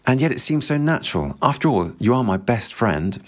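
A man's voice: mid-range voice, very animated, a little fast, voice pushed up. A man voicing an earnest, naive young American man in a dramatized reading, eager and sincere.

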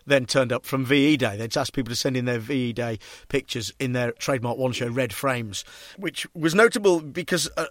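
A man's voice: mid-range voice, dry recording, clean studio sound. A man co-hosting a casual chat, telling anecdotes and quoting people as he goes. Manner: animated storytelling, quoting others. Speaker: podcast co-host.

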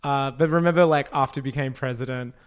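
A man's voice: medium pitch, fast, smooth. A man co-hosting a podcast in casual chat, with dry joking asides. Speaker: podcast co-host.

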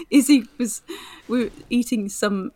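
A woman's voice: on the high side, slightly rough. A young woman co-hosting a podcast, chatting casually with lots of fillers and laughter. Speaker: podcast co-host. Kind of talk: casual chat.

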